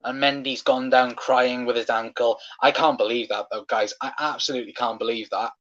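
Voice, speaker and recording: A man's voice: medium pitch, fairly even intonation, fairly quick, a bit bright. A man hosting a live football watchalong, passionately ranting and swearing at referee decisions, on a dull lo-fi stream mic. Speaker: fan watchalong host.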